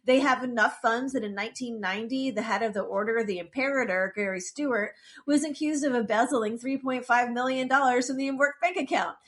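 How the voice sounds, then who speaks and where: Woman podcast co-host, fairly high voice, wry and chatty, casual recap. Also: brisk, hardly any pauses. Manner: chatty, wry asides, frequent restarts. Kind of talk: casual chat recapping a TV episode.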